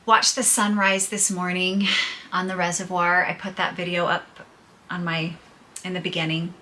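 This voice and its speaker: Middle-aged woman chatting to her viewers, bright forceful voice, lowish pitch, candid and laughing it off, faint room ambience. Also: little pitch movement, moderate pace, slight background noise. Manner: chatty, candid, laughs through hard news. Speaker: podcaster and vlogger. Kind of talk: casual personal storytelling to viewers.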